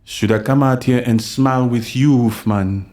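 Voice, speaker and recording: A man from the DR Congo hosts a livestream with heated commentary. His talk is forceful and full of repetition, and he speaks straight to the people in his chat. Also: mid-range voice, moderate pace. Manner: forceful, repetitive, addresses chat viewers directly. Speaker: livestream host.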